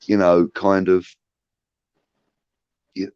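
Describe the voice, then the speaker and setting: A man's voice: low-pitched, completely flat delivery, very slow, a little mellow, clear, resonant tone, no room sound, dull audio. A man hosting a casual livestream, rambling with many restarts and swearing, reading out chat comments. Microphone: phone.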